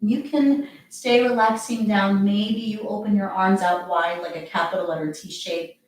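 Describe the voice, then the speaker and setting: A woman yoga teacher guiding a relaxation with soft, calm, encouraging cues. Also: mid-range voice, moderate pace. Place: practicing at home. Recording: very echoey room, distant mic, music behind.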